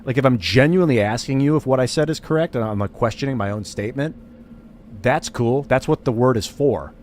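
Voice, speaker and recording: A man's voice: medium pitch, brisk, a little mellow, slight background noise. A young man streaming a video game, chatting casually and rambling with lots of fillers and "like". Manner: rambling, filler-heavy, says "like" a lot. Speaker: gaming streamer.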